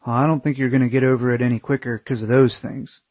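A stingy, stubborn young traveler, as a man reads him in a storybook narration, brushing off complaints in a matter-of-fact tone. The voice is a little husky and dry, close to the narrator's own. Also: mid-range voice, level tone, fast talker, a little mellow, dry recording, natural voice. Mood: dismissive.

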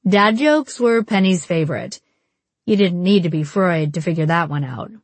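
A woman reading an audiobook in a wry, measured narration style. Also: lowish voice, lively intonation, no room sound.

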